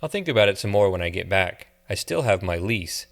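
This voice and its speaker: A man reading a sincere, soft-spoken young man from a small town. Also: sits low, big pitch swings, brisk, creaky, heavily acted.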